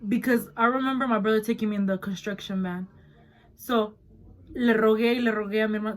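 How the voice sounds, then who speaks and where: A woman's voice: medium pitch, steady tone, quick pace, rough recording. A nineteen-year-old woman vlogger telling a story in casual chat, blunt and swearing a lot, switching between English and Spanish mid-sentence.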